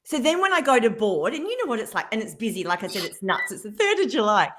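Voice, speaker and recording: A woman, a radio guest telling a story in lively fashion, acting out what people said. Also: on the high side, quick pace. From Australia. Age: 50s. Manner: animated storyteller acting out quotes, laughing.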